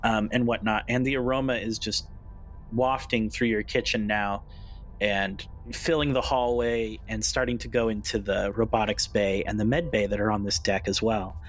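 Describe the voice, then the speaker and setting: A man's voice: on the low side, steady tone, moderate pace, faint music behind. A man narrating a tabletop role-playing game as game master, describing scenes loosely with small restarts.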